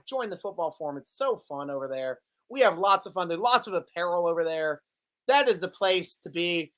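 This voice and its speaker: A man's voice: high-pitched, sharp tone. A man hosting a live sports talk stream, chatting casually in a playful, joking way and laughing often. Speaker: sports show host.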